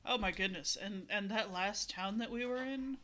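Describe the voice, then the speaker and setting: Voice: medium pitch, moderate pace, pushed and bright, a little hiss or hum, pitched above the performer's own voice, natural voice. A player voicing a plain-talking female dragonborn. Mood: weary. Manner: casual, offhand.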